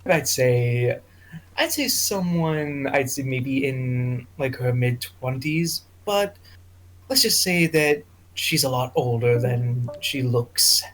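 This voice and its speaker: Guy doing a cocky vampire dude, smooth talker, mid-pitch voice. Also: slow pace, natural voice. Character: scheming male vampire ally. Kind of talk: tabletop role-play in character.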